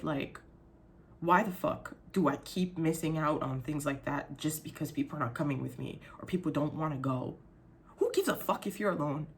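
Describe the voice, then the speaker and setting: A young woman vlogging in a casual monologue, candid and emotional, swearing often and filling with "like". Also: fairly low pitch. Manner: candid, heavy swearing, frequent fillers; emotional, sensitive. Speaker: YouTuber.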